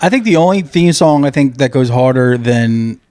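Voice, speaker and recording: A male podcast co-host with a mid-pitched voice, chatting casually and riffing on jokes in a loose, profane way. The recording is dry and close, with no room sound. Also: expressive, moderate pace, warm tone, no room sound. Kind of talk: casual chat.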